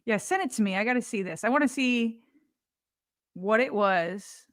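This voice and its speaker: A woman co-hosting a podcast, chatting casually, teasing and quick, laughing often. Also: on the high side, lively intonation, dry recording, studio quality. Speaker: podcast co-host. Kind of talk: casual chat.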